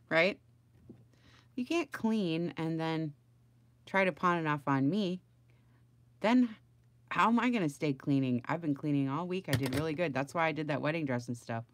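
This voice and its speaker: A woman's voice: sits low, expressive, moderate pace, pauses often. A middle-aged woman chatting casually on a home crafting livestream, rambling and greeting viewers by name.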